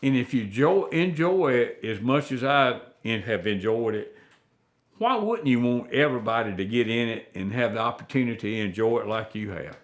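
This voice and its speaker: A man spins hunting yarns in an easygoing, plainspoken drawl. His voice sits in an ordinary middle pitch, and he talks the way a country storyteller would on a sit-down podcast. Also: animated, moderate pace. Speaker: guest, veteran turkey hunter. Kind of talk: folksy storytelling.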